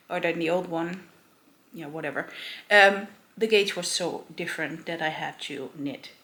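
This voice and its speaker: A woman's voice: lowish voice, a bit bright. A woman hosting her own knitting podcast in a casual show-and-tell chat, rambling along with many filler ums and self-corrections.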